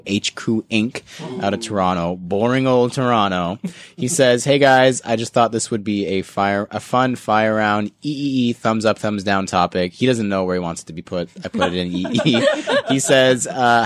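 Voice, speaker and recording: A man hosting a casual sneaker podcast, joking with co-hosts and reading out listener messages. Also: fairly low pitch. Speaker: podcast host. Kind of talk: casual group chat.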